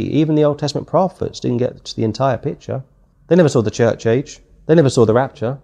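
A British man with a quick, dark, mid-range voice and some vocal fry leads a verse-by-verse Bible study. He talks conversationally and reads the scripture aloud in King James wording.

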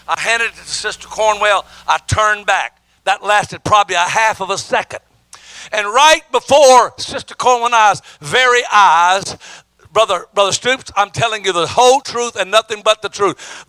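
Male evangelist, middle-aged, bright high voice, emphatic sermon storyteller who stammers and restarts. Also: clean tone, no room sound. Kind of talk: sermon testimony.

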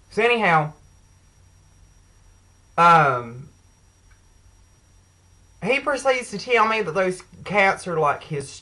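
A woman's voice: low voice, fairly bright tone, poor audio. Profane, fired-up woman ranting. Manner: profane, sassy, heated storytelling. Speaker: vlogger. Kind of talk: angry rant to camera.

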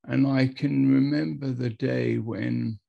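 A man who is an Anglican priest, telling a testimony story slowly and dramatically over a video call, repeating words and acting out quotes. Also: medium pitch, fairly even intonation, creaky, highs cut off. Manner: slow, repetitive, dramatic retelling with acted quotes.

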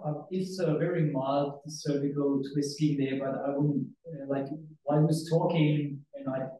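Male colleague commenting from the room, mellow, off-mic and roomy. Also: on the high side, steady tone, measured pace, a little hiss or hum. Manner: hesitant, quiet, with a laugh. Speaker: conference colleague in discussion. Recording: distant in an echoey hall.

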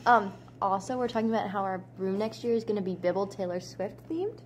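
A woman's voice: medium pitch, fairly quick, slight background noise. A young woman chatting casually in a vlog, bubbly and jokey, poking fun at herself. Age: young adult. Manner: bubbly, jokey, self-mocking. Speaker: vlogger.

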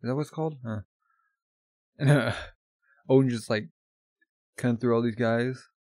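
A man's voice: mid-range voice, darkish tone, no echo, studio quality. A man casually reacting to and reading a comic as a video host, chatty and full of fillers. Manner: chatty, filler-heavy, quick to laugh.

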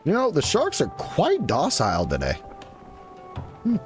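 A man's voice: fairly high pitch, wildly swooping pitch, a little slow, soft background music. A man giving casual live commentary as he plays a survival game, chatting along and teasing the creatures on screen. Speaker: gaming streamer.

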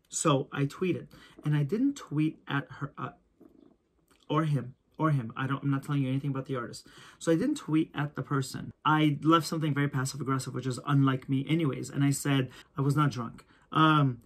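A male photographer telling a story to camera in a casual, animated way. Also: medium pitch, brisk, husky. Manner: animated, acts out quoted voices. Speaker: photographer and video host.

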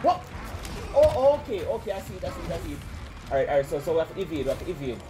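A Jamaican man commentating a video game as he plays, loud and excitable, swinging his pitch from deep mutters up to high yelps. Faint game music runs underneath. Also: racing. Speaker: gamer commentator. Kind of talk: let's-play commentary.

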